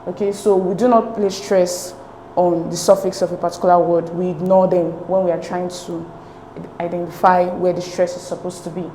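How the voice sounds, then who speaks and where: A woman teacher with a fairly low, warm voice explains exam answers one step at a time at a normal speed, her tone level. Patient and methodical, she often asks "okay?". There's echo and faint noise in the room.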